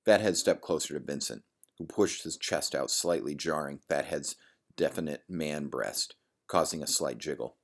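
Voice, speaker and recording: A man reads a gritty bar-room story aloud in a steady, even way. His voice sits extremely low, a deep bass. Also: normal speed, creaky. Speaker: narrator. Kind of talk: audiobook narration.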